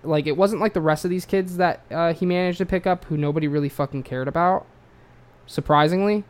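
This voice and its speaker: Telling a true-crime tale, this Australian man speaks briskly in a slightly high voice. The delivery is rambling and profane, packed with fillers.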